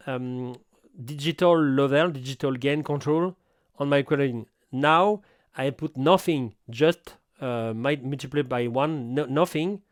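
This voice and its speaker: A middle-aged man with a French accent walks through an audio recorder tutorial in halting, self-correcting English. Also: a little high, no room sound, clean studio sound. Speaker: audio gear reviewer. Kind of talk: hands-on equipment tutorial.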